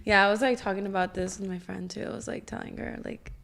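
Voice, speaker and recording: A woman's voice: medium pitch, steady tone, fast talker, gravelly, fairly bright tone. A young woman chatting casually as a podcast guest, laughing often and filling her talk with likes and ums. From Mexican-American, from California. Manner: giggly, lots of likes and ums. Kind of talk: casual chat.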